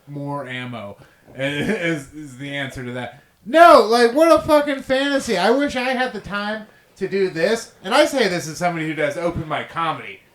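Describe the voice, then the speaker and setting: A man's voice: high voice, expressive, moderate pace, fairly bright tone. A young man co-hosting a casual podcast, rambling and ranting, laughing often. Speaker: podcast co-host. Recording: roomy echo.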